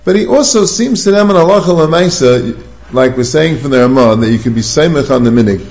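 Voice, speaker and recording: A man's voice: medium pitch, expressive, fast talker, a little mellow, echoey room. A man giving a Talmudic study lecture, reasoning aloud through sources and posing questions to himself as he goes. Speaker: rabbinic lecturer.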